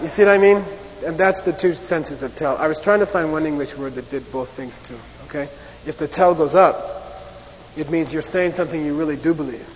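A man teaching a class in a lively lecture style. He often checks in with "okay?" and acts out short debate phrases to show how they sound. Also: a little high, brisk. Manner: animated, repeats "okay?" and acts out debate voices. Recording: long reverb, dull lo-fi hiss.

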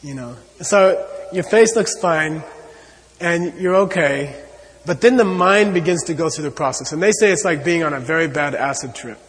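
Guy giving a dharma talk, kinda high voice, lots of "you know", big echoey hall. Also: expressive, moderate pace, a bit bright. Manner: earnest, repeats points, many "you know" fillers. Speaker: Buddhist teacher.

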